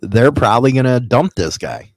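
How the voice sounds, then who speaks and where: A man's voice: medium pitch, very animated, moderate pace, dry recording, clean studio sound. A man joining a casual livestream chat, blunt and sarcastic.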